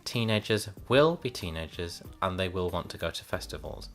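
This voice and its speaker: A man's voice: deep voice, animated, moderate pace, gravelly, faint music behind. A man in his late twenties from the North of England with a Northern English accent, ranting sarcastically to camera in a vlog and swearing freely. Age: late 20s. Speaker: vlogger.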